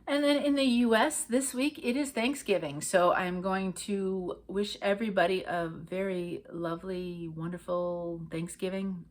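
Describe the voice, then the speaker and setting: A middle-aged woman from Connecticut hosts her own cross-stitch video and talks straight to camera. Her voice sits low and has a husky grain. She rambles along casually, full of fillers and restarts. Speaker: cross-stitch vlog host. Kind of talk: casual chat.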